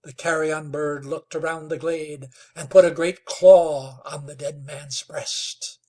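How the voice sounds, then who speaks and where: A man narrating a western novel in a slow, dramatic storytelling manner. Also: on the high side, steady tone, warm tone. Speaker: audiobook narrator. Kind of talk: scripted narration.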